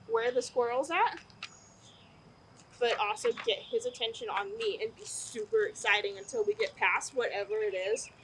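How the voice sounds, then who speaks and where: Upbeat high-voiced dog trainer woman. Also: a little hiss or hum, low-quality recording. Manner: upbeat, explanatory, bursts into excited praise for the dog. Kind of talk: instructional video.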